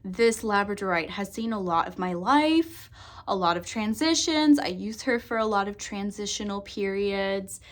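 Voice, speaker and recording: A woman psychic and energy worker chatting casually to camera, expressive, laughing and swearing freely. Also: medium pitch, moderate pace. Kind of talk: casual to-camera vlog chat.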